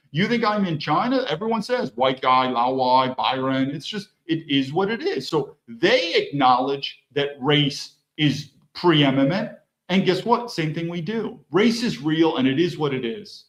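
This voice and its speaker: Blunt, animated male commentator. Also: on the high side, normal speed, few pauses. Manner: blunt, animated, mocking asides. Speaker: political commentator host. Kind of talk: reacting to news clips.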